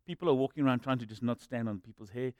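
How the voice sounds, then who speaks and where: A man preaching a sermon and telling personal stories, moving between loud emphatic lines and quiet asides. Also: mid-range voice, rapid-fire, dry recording. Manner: storytelling, swinging from loud emphasis to hushed asides.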